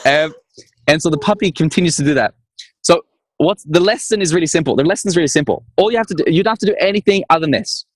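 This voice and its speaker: A man speaking as a guest in a conversation, telling stories in a playful, animated way and acting out little scenes. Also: on the high side, quick pace, no room sound. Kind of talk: conversational storytelling.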